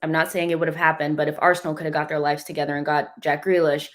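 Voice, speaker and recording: A woman's voice: low-pitched, level tone, fast talker. A woman in a casual football chat, thinking aloud in a chatty way with many fillers.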